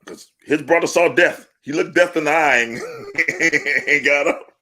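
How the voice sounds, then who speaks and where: A man's voice: a little high, measured pace. A man co-hosting a sports podcast, talking casually and boastfully, telling stories with laughter and swearing. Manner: boastful, animated storytelling with laughs and profanity. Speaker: podcast co-host.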